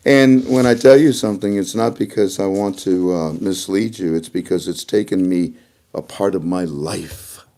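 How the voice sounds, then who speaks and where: Man, rambling emotional vlogger, warm and dark tone. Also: sits low, normal speed. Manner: rambling and emotional, breaks into laughter. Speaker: video blogger. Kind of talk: casual rambling monologue to camera.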